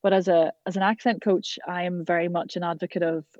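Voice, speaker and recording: A woman's voice: fairly low pitch, little pitch movement, a little mellow, dry recording, dull audio. An Irish woman working as a voice and accent coach, chatting enthusiastically in an interview. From Ireland. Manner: chatty, enthusiastic, quick asides. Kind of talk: casual interview chat.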